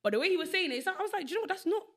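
A young woman hosting a podcast, chatting casually and animatedly, acting out quotes in a higher voice. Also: expressive, very fast. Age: young adult. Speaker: podcast host. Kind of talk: casual chat.

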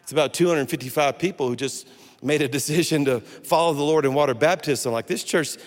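Sermon casting: man, 60s, fairly high voice, funny animated preacher, long church reverb. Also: brisk. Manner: animated storytelling with humor. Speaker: guest pastor. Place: church sanctuary.

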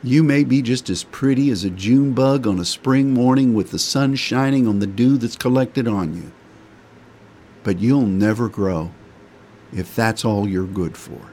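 A man's voice: mid-range voice, a little mellow. A middle-aged man preaching a sermon in a folksy, homespun way.

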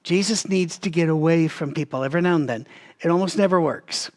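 A man leading a Bible study, talking straight to his listeners in a conversational, animated way with frequent restarts. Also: fairly high pitch, brisk.

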